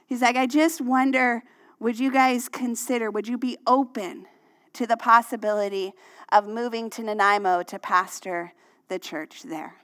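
A middle-aged woman pastor, preaching a sermon and telling a personal story in a conversational way that turns animated when she acts out dialogue. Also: fairly high pitch, moderate pace.

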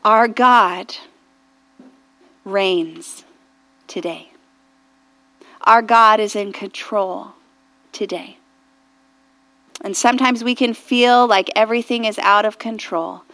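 Speaking slowly with long pauses, a woman pastor with a mid-range voice delivers a sermon earnestly and reflectively. Her delivery often sinks to a near-whisper before climbing to fervent, intense prayer.

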